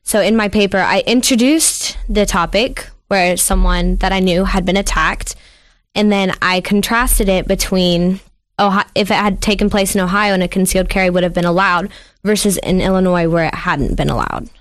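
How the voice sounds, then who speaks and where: A woman's voice: medium pitch, moderate pace, no echo. A teenage girl being interviewed in a radio studio, polite and well prepared. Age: teens. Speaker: student guest.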